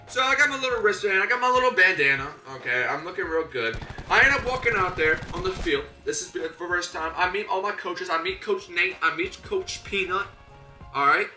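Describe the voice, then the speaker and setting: A young man telling a comedic story, animated and slangy, acting out his own voice and his coaches' voices. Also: sits high, a little fast. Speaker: YouTuber. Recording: echoey room, a bit distant from the mic, faint music.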